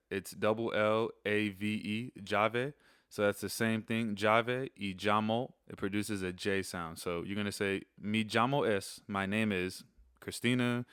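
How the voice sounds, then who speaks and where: A young man casually explaining Spanish phrases in a rambling, relaxed way, slowing down when he repeats them. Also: lowish voice, clear, resonant tone, no echo, clean studio sound. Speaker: host teaching Spanish phrases. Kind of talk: casual instructional video.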